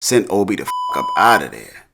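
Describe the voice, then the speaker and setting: A man's voice: deep voice, big pitch swings, normal speed, vocal fry. A man casually recapping a TV episode in slang, laughing often. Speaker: TV recap host.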